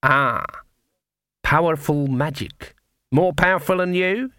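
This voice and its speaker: A man's voice: on the high side, slow, clean tone, no room sound, clean studio sound, voice pushed up. A man reading an audiobook voices a stern, proud older witch who speaks sharply and commandingly. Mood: probing. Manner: sharp, commanding, erupts into indignant shouting. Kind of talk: audiobook character voice.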